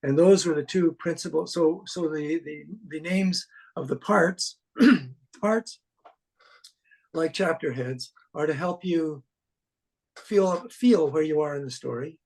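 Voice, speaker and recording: A Canadian man, an author and documentarian, answering interview questions in a halting way with many restarts and fillers. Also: fairly high pitch, darkish tone, rough recording.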